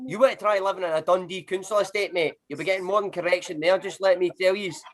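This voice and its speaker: A woman's voice: lowish voice, steady tone, fast talker, close to an everyday voice. A woman playing a chatty, blunt working-class Scottish man with a Scottish accent in a comedy sketch rehearsal. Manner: blunt, slangy, swears freely.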